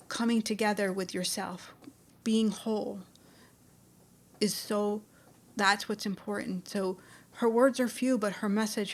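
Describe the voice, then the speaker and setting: Gravelly-voiced woman telling a spiritual story. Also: mid-range voice. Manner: conversational, many restarts and fillers. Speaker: spiritual speaker. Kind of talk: personal storytelling talk.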